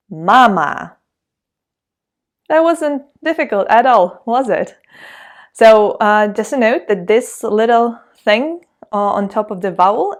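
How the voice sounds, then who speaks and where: A woman from Russia with a Russian accent, teaching a language lesson in a patient, encouraging way. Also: on the high side. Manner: patient, encouraging, reads words slowly for repetition.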